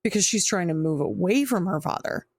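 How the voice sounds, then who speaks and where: A woman's voice: mid-range voice, animated, a little fast, breathy edge, no room sound. A woman co-hosting a podcast, chatting casually and animatedly, often laughing and acting out quotes. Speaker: podcast co-host. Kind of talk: casual chat.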